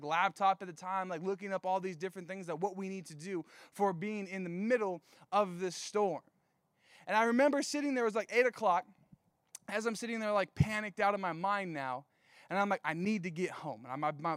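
Animated young man telling a story in a sermon. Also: sits high, no room sound. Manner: casual, animated storytelling with many "like" fillers.

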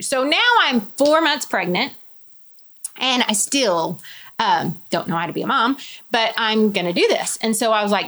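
A woman's voice: fairly high pitch, expressive, normal speed, fairly bright tone. A woman, telling a personal story as an interview guest in a candid, chatty way with many quoted asides. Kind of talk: personal testimony in casual conversation.

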